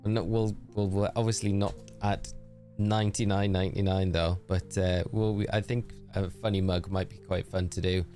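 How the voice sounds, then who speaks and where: A man's voice: sits low, flat delivery, moderate pace, dark tone, faint music behind. A man with a tired voice, chatting casually and cheerfully with viewers while live-streaming a game. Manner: chatty and upbeat, thanking viewers by name.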